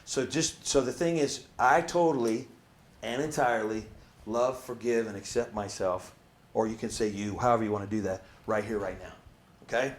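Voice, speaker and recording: With a fairly low pitch and moderate pace, a motivational speaker gives a casual talk in a reverberant setting. He animatedly tells stories, acting out the voices of the people in them, and often adds "right?" asides.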